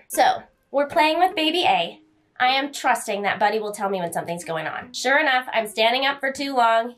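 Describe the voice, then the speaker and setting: A young woman tells a story straight to camera in a chatty, animated vlog style, sometimes turning to talk to her dog. Her voice sits a bit high. Soft music plays faintly underneath. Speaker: vlogger telling a story about her service dog.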